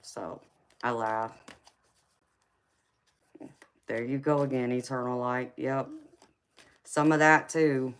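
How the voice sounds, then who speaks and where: A woman's voice: rumbling low, steady tone, takes it slowly, pauses often, clean tone. Chatty woman with a Southern accent. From Los Angeles. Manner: chatty, laughs often, reads out viewer comments. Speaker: tarot reader streamer. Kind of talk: casual live-stream chat.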